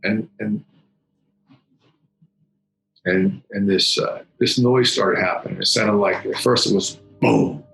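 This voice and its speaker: A middle-aged man giving solemn personal testimony, halting and often repeating his words. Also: on the low side, vocal fry, fairly bright tone. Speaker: former federal agent recounting a memory. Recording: echoey room with faint music.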